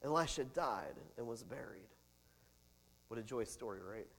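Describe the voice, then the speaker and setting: A man pastor preaching a sermon, animated, with big swings in loudness and chatty asides. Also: mid-range voice, normal speed, in a large hall.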